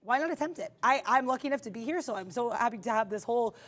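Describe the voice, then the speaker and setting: A woman's voice: on the high side, expressive, fast talker, a bit bright. A woman co-hosting a live trading stream, upbeat and chatty, often laughing as she talks through her trades. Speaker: day trader co-host.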